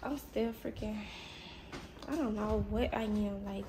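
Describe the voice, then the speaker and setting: A woman's voice: medium pitch, measured pace, noisy background. A young woman talking casually to her camera at home, blunt and cussing, sick and tired. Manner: frank, swears freely, tired and irritated. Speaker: vlogger. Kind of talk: casual vlog talk to camera. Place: at home, indoors. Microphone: phone camera.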